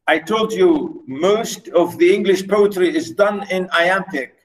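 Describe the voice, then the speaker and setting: A man teaching an online class who talks haltingly, with many fillers and repeated words, and counts out stresses slowly and deliberately. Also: high-pitched, poor audio. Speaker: university lecturer. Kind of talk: online lecture.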